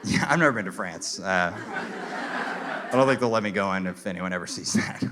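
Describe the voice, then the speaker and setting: Performing stand-up for a live audience, a low-voiced man tells animated stories at a moderate pace and acts out characters in mock French. Crowd laughter and room noise fill the recording.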